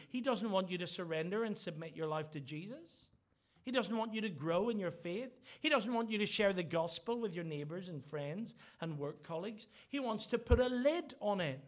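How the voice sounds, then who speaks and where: A middle-aged man from Ireland, preaching a sermon with earnest, emphatic repeated phrases. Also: high voice. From Northern Ireland.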